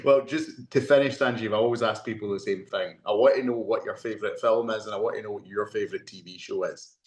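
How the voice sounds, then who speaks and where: Man, host, low pitch, encouraging casual chat, echoey room recording. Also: fairly even intonation, fast talker. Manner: encouraging, laughs along often. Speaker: interview host.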